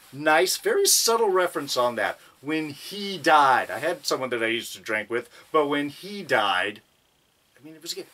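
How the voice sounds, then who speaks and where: A man talks through a TV episode in an excited, casual review. His voice sits a bit high and rings bright. He often restarts his sentences and slips in small chuckles. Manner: animated, stumbling restarts, chuckling asides.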